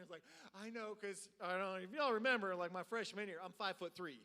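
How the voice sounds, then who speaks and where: A man preaching a storytelling sermon in a church, animated and full of filler words. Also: high-pitched, a little fast, few pauses, clean tone. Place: church sanctuary. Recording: reverberant hall.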